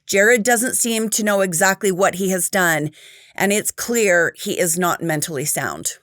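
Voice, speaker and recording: A woman hosting a true crime show, narrating with measured, opinionated commentary. Her voice sits at a middle pitch. The sound is dry and close, with no room around it. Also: a bit bright, no echo.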